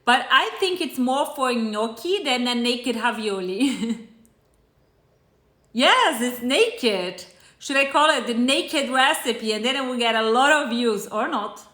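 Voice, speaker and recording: Brazilian-accented woman host, unhurried chatty live cooking stream, bright tone, echoey room. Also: fairly high pitch, expressive. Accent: Brazilian Portuguese. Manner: chatty, greets viewers by name. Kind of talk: casual live-stream chat.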